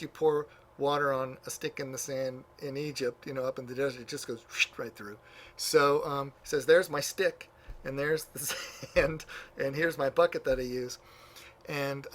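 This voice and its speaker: A man lecturing a class in a relaxed, conversational way, his voice sitting at an ordinary middle pitch. He spins out a story with lots of fillers and quick asides. A faint hiss of background noise sits under the recording. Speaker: church history teacher. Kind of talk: classroom lecture, retelling stories.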